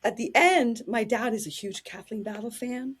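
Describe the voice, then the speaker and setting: A woman telling anecdotes in a casual interview, animated and quick to laugh. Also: fairly high pitch, slightly rough.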